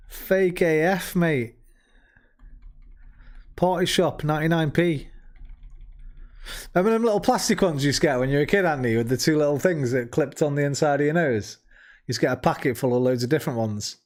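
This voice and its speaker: A man's voice: a little high, normal speed, long pauses, a little mellow. A man with a Midlands accent chatting casually as a livestreamer, swearing freely and laughing often. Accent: Midlands English. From English Midlands. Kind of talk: casual commentary.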